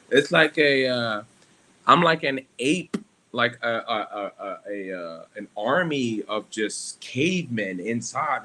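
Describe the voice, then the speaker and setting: A young man chats alone on his livestream, wandering from thought to thought and poking fun at himself. His voice is bright and forward, and he swears and laughs easily. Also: mid-range voice, animated, moderate pace. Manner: rambling, self-deprecating, swears freely, laughs often. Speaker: livestream host. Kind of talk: casual solo livestream chat.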